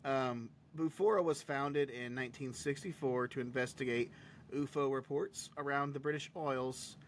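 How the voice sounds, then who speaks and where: A man's voice: mid-range voice, fairly even intonation, normal speed, slight background noise. A man co-hosting a casual podcast, joking crudely and laughing often between bits of reading. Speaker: podcast co-host. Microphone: home podcast mic.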